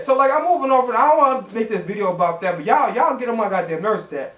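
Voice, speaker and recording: A man ranting profanely as a sports reaction vlogger, exasperated and swinging his pitch up and down as he talks. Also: expressive, fast, hardly any pauses, fairly bright tone, reverberant.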